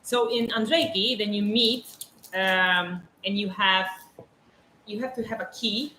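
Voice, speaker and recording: A woman co-hosts a casual live stream and talks freely about each sweet as she tastes it. Her voice is bright and crisp. The room is echoey, with faint noise behind her. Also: mid-range voice, measured pace. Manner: talkative, explains foods as she tastes them.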